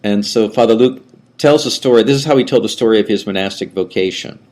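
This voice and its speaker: A man's voice: on the low side, fast, darkish tone. An older man who is a priest, giving a conversational lecture that rambles, with frequent restarts and asides. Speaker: Orthodox priest teaching a class.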